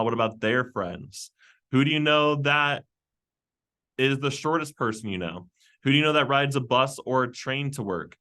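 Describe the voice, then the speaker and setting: A man leading a team meeting, rattling off a long list of quick questions with frequent fillers. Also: medium pitch, a bit bright. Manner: rapid-fire questions with fillers. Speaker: team leader. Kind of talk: brainstorming prompts at a team meeting.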